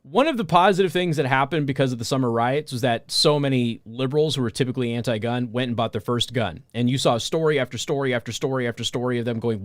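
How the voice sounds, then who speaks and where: An American man hosting a talk radio show, telling stories in an emphatic, animated way. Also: medium pitch, fast talker, few pauses, dry recording, clean studio sound.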